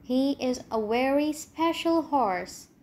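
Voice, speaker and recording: A woman's voice: high-pitched, animated, slow pace, a little mellow. A woman doing a caring queen mother. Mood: earnest. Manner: earnest, cautioning.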